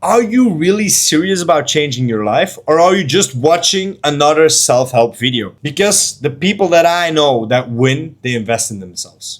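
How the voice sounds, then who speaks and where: A man coaching to camera in an intense, preachy motivational monologue, blunt, with casual slang and swearing. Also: a little high. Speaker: life and trading coach.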